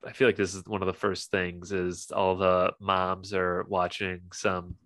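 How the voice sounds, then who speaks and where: A man with a very deep voice chats about a movie on a podcast, relaxed and agreeable, filling his talk with yeahs and ums. The recording is dry, with little room sound. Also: a little slow, no room sound. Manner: laid-back, agreeable, lots of yeahs and fillers. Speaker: podcast co-host. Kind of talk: casual movie chat.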